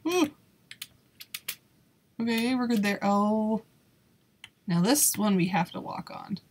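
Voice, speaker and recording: A woman's voice: mid-range voice, lively intonation, takes it slowly. A woman giving casual gameplay commentary in a nervous, exclaiming way, laughing often. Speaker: YouTuber playing a video game.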